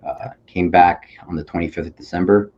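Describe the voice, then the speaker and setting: A man from Toronto, Canada, a police officer and army veteran, speaking as a podcast guest in an earnest, reflective way with halting fillers. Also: low voice, fairly even intonation, husky, lo-fi sound. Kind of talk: candid conversational interview.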